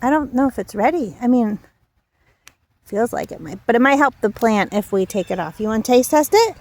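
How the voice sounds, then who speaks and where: A woman's voice: on the high side, expressive, fairly quick, a little mellow. A young woman gives a casual, rambling tour of her backyard garden while filming on a handheld phone, a little out of breath and full of fillers and self-corrections. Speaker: home gardener and channel host.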